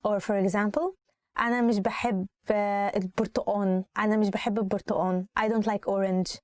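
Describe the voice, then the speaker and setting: A woman with an Egyptian accent gives a spoken Arabic lesson at a brisk pace. She repeats every phrase and then translates it into English. Her voice sits at a middle pitch and sounds dry and close. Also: fairly even intonation, darkish tone, no echo. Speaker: Arabic teacher. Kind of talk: language lesson.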